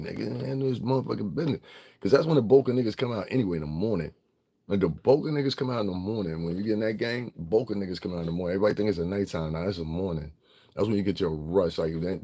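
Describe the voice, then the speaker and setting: A man's voice: lowish voice, gravelly, a little mellow, husky. A middle-aged man from Connecticut, ranting bluntly and profanely in a casual livestream, laughing often. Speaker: vlogger.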